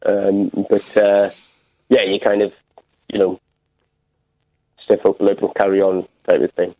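A man's voice: on the low side, little pitch movement, a little slow, no echo. Hesitant man on a phone line. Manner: hesitant, many fillers.

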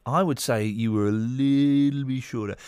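A man hosting a radio talk show from a studio mic, rambling and teasing in an animated way. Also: medium pitch, normal speed, clear, resonant tone, no room sound. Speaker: radio host.

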